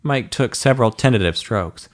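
A man reading a story aloud in a steady, even narration. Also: medium pitch, moderate pace. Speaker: audiobook narrator. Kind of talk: scripted narration.

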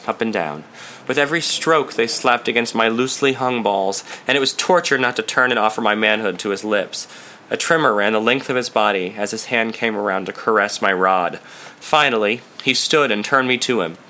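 A man narrating first-person fiction in a measured, steady reading style. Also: on the low side. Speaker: audiobook narrator.

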